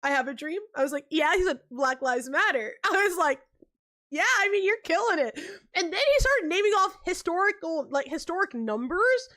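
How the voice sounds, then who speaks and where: A woman's voice: very high voice, lively intonation, normal speed, fairly bright tone. A young woman from California chatting casually on a livestream, telling stories with lots of "like", acting out quotes and laughing often. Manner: says like a lot. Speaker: livestream host.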